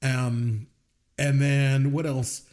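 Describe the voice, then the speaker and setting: A man's voice: medium pitch, drawn-out words. A man co-hosting a podcast, chatting casually about a movie and acting out its scenes with frequent laughter. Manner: animated storyteller, acts out movie lines and laughs often. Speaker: podcast co-host. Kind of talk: casual movie review chat.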